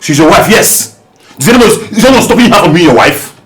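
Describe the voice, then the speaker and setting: A man's voice: high-pitched, animated, a little fast. An actor with a Nigerian accent playing a young man who challenges his brother's new wife. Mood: confrontational. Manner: confrontational, questioning. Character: defensive younger brother living at home.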